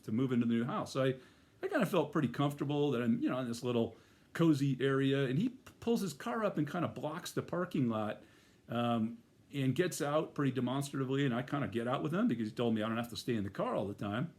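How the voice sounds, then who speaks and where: A man's voice: medium pitch, expressive, fast, darkish tone. Middle-aged man telling a rambling story. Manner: rambling, with many fillers and restarts. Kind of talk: casual personal storytelling.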